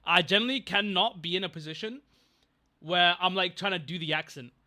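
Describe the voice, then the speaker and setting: High, bright-voiced young man streaming. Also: a little fast. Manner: rambling, distracted, reads chat aloud. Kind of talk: casual livestream chat.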